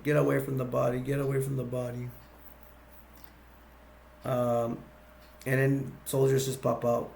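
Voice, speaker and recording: A man casually retelling a movie plot, rambling and halting with many fillers. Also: mid-range voice, creaky, warm tone, a little hiss or hum. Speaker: movie recap youtuber.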